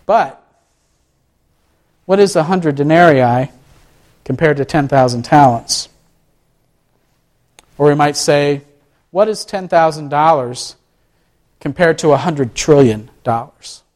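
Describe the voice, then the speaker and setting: A man's voice: a little high, slow, long pauses, a little mellow. A man giving a conversational sermon, asking the listeners rhetorical questions and often restarting his phrases. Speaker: pastor.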